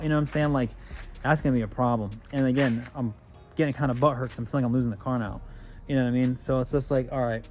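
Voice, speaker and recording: Guy rambling thru a story about his car, swears a ton, mid-pitched voice, faint music behind. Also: fairly even intonation, quick pace, a little mellow. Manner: rambling, heavy swearing, lots of filler phrases. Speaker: car vlogger. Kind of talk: casual storytelling.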